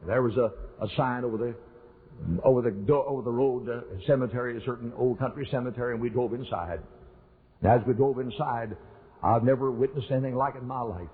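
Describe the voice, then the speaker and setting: Older preacher, husky and tinny. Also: male voice, mid-range voice, a little fast. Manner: earnest, repetitive storytelling with rising emphasis. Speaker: pastor. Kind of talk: sermon storytelling. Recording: husky voice over a tinny, phone-like recording.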